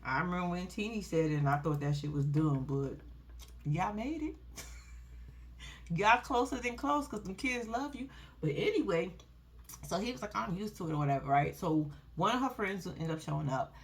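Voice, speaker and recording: A woman giving casual, animated commentary on a reality show, laughing often and swearing freely. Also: lowish voice, normal speed. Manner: animated, laughing, profane, sassy.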